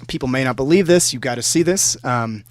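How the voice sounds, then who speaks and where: A man who plays music chats as a podcast guest, explaining ideas at length and getting enthusiastic as he rambles. His voice sits at a middle pitch. The recording is dry and close. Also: a little fast, dry recording. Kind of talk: casual interview chat.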